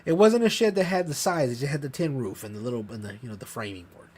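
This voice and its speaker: A man telling a long, profane story in casual podcast chat, rambling and animated. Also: mid-range voice, fast, slightly rough. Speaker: podcast co-host.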